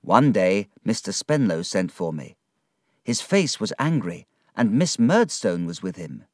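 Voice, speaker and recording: A male storybook narrator reading slowly and carefully, with a very lively, rising and falling voice. He is recorded close and dry, with no room sound. His manner stays measured and expressive. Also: lowish voice, no echo.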